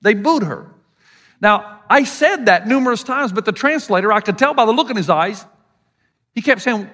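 He's a middle-aged preacher from the US South with a high voice and a fairly quick delivery. During the sermon he tells stories animatedly, taking on the voices of the people he quotes.

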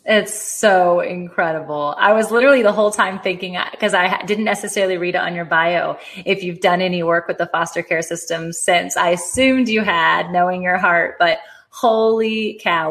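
Affirming woman host, lower voice. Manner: warm affirming, reflective. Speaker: podcast host. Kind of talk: interview conversation.

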